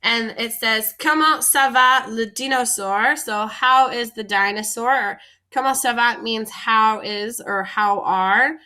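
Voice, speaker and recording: A woman's voice: on the high side, fairly even intonation, slow pace, pushed and bright. A woman teaching French vocabulary in a patient, explanatory lesson, often recapping and repeating terms.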